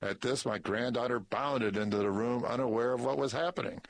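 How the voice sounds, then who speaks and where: A man's voice: medium pitch, a little fast, gravelly, dry recording. Man reading news articles, dry.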